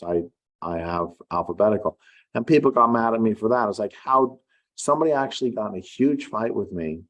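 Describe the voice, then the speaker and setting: A middle-aged man, an author, telling a story in an unhurried, reflective way with wry asides. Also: low voice. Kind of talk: casual spoken essay.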